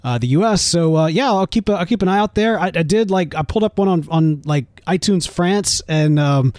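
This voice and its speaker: A laid-back man co-hosting a podcast, rambling easily and tossing in "man" at the end of his sentences. His voice sits a little high for a man. The sound is dry and close, with no room echo. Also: lively intonation, brisk, darkish tone. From United States. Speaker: podcast co-host. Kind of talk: casual chat.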